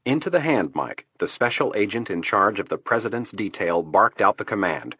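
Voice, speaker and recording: Low, husky male audiobook narrator. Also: no room sound. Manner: steady, measured. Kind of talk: scripted narration. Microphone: close studio mic.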